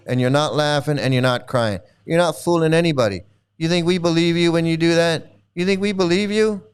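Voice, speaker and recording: A man's voice: on the high side, clear, resonant tone. A man hosting a stream, ranting crude and scornful reaction commentary with lots of repetition. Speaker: streamer host.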